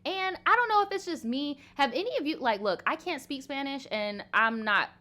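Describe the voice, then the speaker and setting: A woman's voice: high voice, lively intonation, moderate pace, pushed and bright. Young woman, twenties, live stream host, casual chat, frank, filler-heavy, swears casually. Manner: chatty, frank, swears casually, many "like"s and laughs. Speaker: livestream host.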